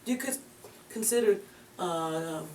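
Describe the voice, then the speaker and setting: A woman's voice: fairly low pitch, slow pace, darkish tone. A woman giving a voice lesson as a vocal coach, chatty and encouraging, calling her student "girl". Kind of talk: voice lesson instruction. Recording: echoey room, mic far off, background noise.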